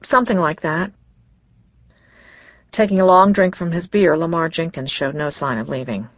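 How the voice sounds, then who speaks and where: An audiobook narrator reading a mystery novel in a measured, scripted way. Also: medium pitch, lively intonation, no echo, muffled recording.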